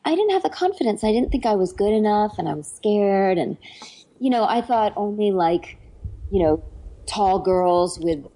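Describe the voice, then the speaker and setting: Husky, mellow-voiced middle-aged woman. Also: medium pitch, measured pace, rough recording. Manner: enthusiastic, rambling, many fillers and restarts. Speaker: interview guest, actress and dialect coach. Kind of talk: casual interview chat.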